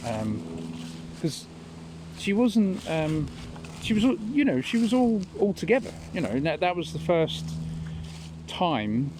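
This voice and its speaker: Homme anglais qui raconte en hésitant. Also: male voice, on the high side, very animated, a little slow, long pauses, a little mellow, a little hiss or hum. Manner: rambling, hesitant, many fillers. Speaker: vlogger. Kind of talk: casual personal storytelling.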